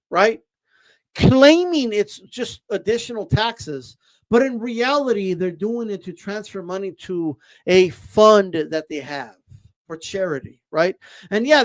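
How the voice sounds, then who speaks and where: A man hosting casual boxing commentary, ranting with rhetorical questions and repeated words. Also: high-pitched. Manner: ranting, rhetorical "right?" tags, repeats words, says "bro".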